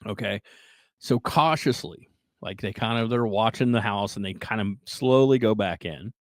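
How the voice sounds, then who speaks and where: A man hosting a podcast, casually retelling a strange story in an animated way, often checking in with "right?" and "like". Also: fairly low pitch, moderate pace, no room sound, poor audio. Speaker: podcast host.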